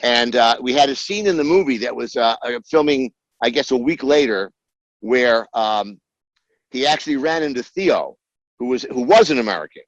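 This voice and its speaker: An older man telling film-set anecdotes in an interview, filling pauses with many ums and uhs and acting out the people he quotes. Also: mid-range voice, expressive, dry recording, dull audio. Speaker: screenwriter guest.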